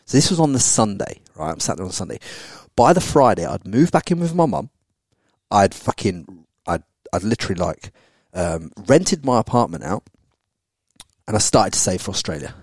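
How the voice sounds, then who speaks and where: A man's voice: fairly low pitch, very animated, normal speed, darkish tone, husky, no room sound, clean studio sound. A man, telling a candid personal story as a podcast guest, blunt and full of swearing. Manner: blunt and sweary, with frequent tag questions.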